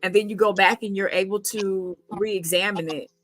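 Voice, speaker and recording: Bright-voiced, emphatic woman host. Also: medium pitch, fairly even intonation, normal speed, faint music behind, rough recording. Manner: emphatic, rhetorical questions, frequent ums and restarts. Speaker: podcast host. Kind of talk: casual conversational interview.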